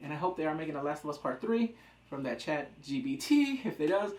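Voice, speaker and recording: A man's voice: on the high side, expressive, a little fast, darkish tone. Rambling man recapping a show, roomy echo. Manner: rambling, jokey, acts out quotes. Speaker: TV episode reviewer. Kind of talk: casual recap chat.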